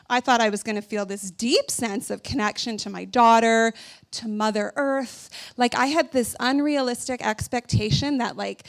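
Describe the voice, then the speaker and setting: A woman's voice: fairly high pitch, fairly bright tone. A woman in her thirties from Canada giving a casual, chatty conference talk about her own life, full of "like" and "you know". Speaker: conference speaker. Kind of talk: personal storytelling talk.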